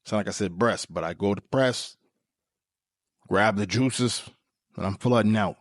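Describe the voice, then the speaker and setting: A man hosting a podcast, joking through a comedic monologue with sudden leaps into high squeaky tones. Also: measured pace, dry recording, studio quality. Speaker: podcast host.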